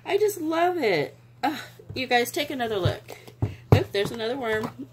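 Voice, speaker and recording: A woman's voice: on the high side, lively intonation, normal speed, heavy background noise. A woman, gushing and sentimental as she opens craft mail in a casual vlog. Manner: gushing, sentimental, exclaims often. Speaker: craft vlogger. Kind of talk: casual unboxing chat.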